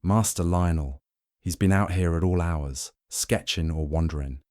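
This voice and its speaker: A man's voice: low-pitched, a little slow, darkish tone, no room sound, studio quality. A man voicing a wiry, weathered Yorkshire groundskeeper with a thick Yorkshire accent, terse and guarded. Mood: wary.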